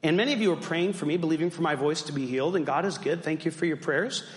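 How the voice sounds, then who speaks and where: High-voiced pastor preaching in an echoey church. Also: male voice, fast talker. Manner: humorous, self-deprecating asides to the congregation. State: voice still weak after losing it. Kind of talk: sermon. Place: church sanctuary.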